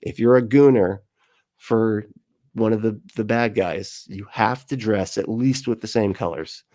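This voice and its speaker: A man's voice: lowish voice, measured pace, a little mellow. A man hosting a livestream, reading chat comments in a rambling, jokey way and laughing often.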